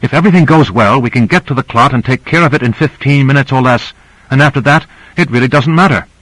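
A man's voice: mid-range voice, fast, fairly bright tone, dry recording, voice pushed up, close to an everyday voice, rough recording. A man reading the part of an earnest young female assistant.

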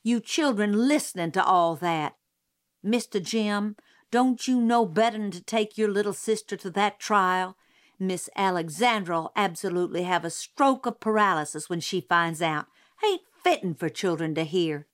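A woman's voice: mid-range voice, normal speed, lightly acted. A woman voicing a stern older housekeeper who scolds in a Southern dialect. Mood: scolding.

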